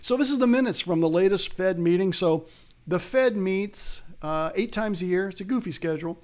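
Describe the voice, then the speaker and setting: A man's voice: sits high, normal speed. Chatty male live-stream market host. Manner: chatty, addresses viewers directly, reads chat live. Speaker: host of a live investing show. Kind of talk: live webcast market commentary.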